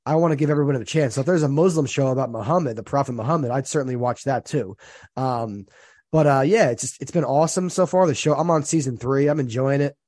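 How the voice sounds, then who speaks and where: A man's voice: mid-range voice, fast, a little mellow, dry recording, studio quality. A man in his thirties from New Jersey, co-hosting a podcast and thinking aloud in a reflective, casual way. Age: 30s. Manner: reflective, repeats phrases while thinking aloud. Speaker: podcast co-host. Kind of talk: casual chat.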